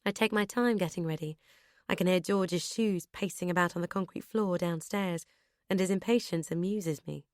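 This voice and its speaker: Woman narrating an audiobook, dry and low. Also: normal speed, no room sound. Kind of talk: scripted first-person narration.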